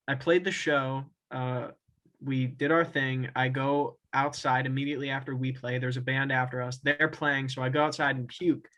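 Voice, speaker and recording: A man's voice: medium pitch, flat delivery, normal speed, fairly bright tone, rough recording. A young man co-hosting a casual podcast, telling a rambling story full of swearing, with laughs breaking in. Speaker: podcast co-host. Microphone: own camera and mic at home.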